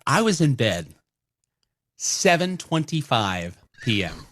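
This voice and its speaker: Bright, lively male radio co-host. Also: mid-range voice, no room sound, clean studio sound. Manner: animated storytelling, quick laughs. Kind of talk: casual morning radio banter. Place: radio studio. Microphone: studio microphone.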